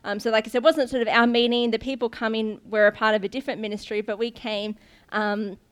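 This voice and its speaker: A young woman preaches in a loose, chatty way, telling stories to her church with plenty of ums and restarts. Her voice sits a little high for a woman. She talks like she's catching up with family rather than giving a formal sermon. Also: flat delivery, fast, smooth. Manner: chatty, laughs often, many ums and restarts. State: briefly tearful. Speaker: guest preacher, pastor's daughter. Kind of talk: informal sermon storytelling.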